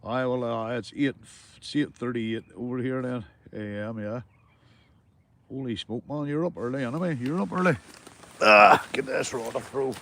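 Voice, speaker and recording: A man from Northern Ireland, with a mid-range voice at normal speed, chats to his live-stream viewers via phone or camera from a small tent while fishing. He greets each one by name and calls them mate.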